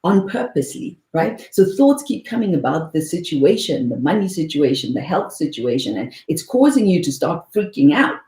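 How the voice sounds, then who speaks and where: A woman in her forties gives a spiritual talk on meditation over a call, earnest and repetitive, checking in often with her listeners. Her voice sits low and mellow. The recording carries a noticeable room echo. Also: sing-song, moderate pace, few pauses. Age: 40s. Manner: earnest, repeats words for emphasis, frequent "right?". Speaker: meditation teacher.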